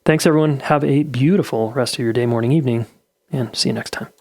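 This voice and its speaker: A man's voice: mid-range voice, fast, gravelly, a little mellow, no room sound. A man hosting a podcast, easygoing and affirming, with many "uh" fillers. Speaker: podcast host. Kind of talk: podcast interview and outro.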